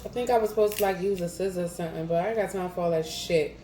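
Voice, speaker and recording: A young woman from New Jersey with a lowish, dark-toned voice chats quickly and casually between bites in an at-home mukbang vlog, laughing at herself along the way. The room is echoey and there's audible noise.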